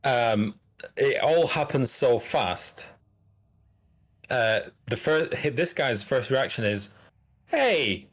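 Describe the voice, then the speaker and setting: A man's voice: mid-range voice, slow pace. A man running a tabletop game as game master, talking casually with many fillers and restarts.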